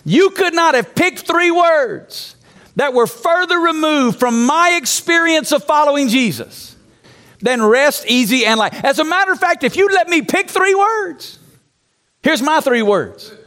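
A man preaching an emphatic, confessional sermon in a church sanctuary, his voice sitting unusually high for a man. He coaxes the congregation into calling back answers and speaks plainly about his own struggles. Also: expressive, a little slow, a bit bright. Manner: candid, confessional storytelling. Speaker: pastor.

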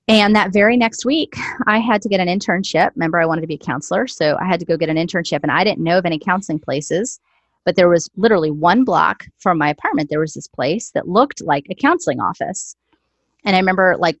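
A woman's voice: lowish voice, fast talker, no echo. A woman in her forties telling an emotional personal faith story as an interview guest, earnest and full of "like.". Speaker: guest author.

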